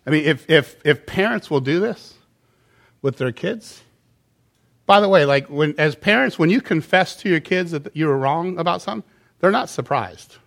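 A male pastor preaches to his congregation in a relaxed, conversational way, often pausing to ask "okay?" and acting out little quoted exchanges. His voice sits a touch higher than most men's. He drifts on and off the stage microphone as he moves. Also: creaky. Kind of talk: sermon.

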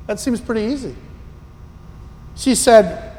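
A man preaching a sermon as a pastor, telling stories in an animated, incredulous way. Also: high-pitched, moderate pace. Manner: animated, incredulous storytelling with rising exclamations. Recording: long reverb of a large hall.

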